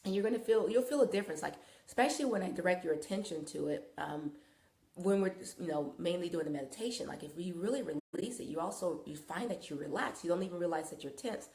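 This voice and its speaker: A woman hosting a live wellness talk and guiding yoga, coaching calmly and rambling loosely with many fillers, on a phone mic. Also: on the low side, fast talker. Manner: calm, coaching guidance. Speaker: wellness host and yoga guide. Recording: echoey room.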